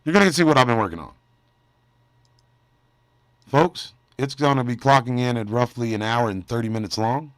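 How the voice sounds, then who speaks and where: A man hosting a casual livestream at a middle pitch, joking with and teasing the chat. He often drops into quiet mumbles between louder bursts. The sound is dry and close, with no room echo. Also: normal speed, long pauses. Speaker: livestream host.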